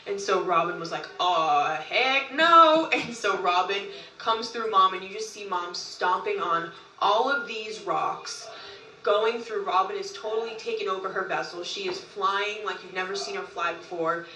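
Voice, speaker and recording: A woman recounts events in a loose, casual way, breaking into laughter and acting out the voices of others. Her voice sits at a middle pitch. It sounds roomy and a bit distant from the mic. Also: moderate pace. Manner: animated, laughing often, acts out quotes. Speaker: group member recounting events. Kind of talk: casual storytelling.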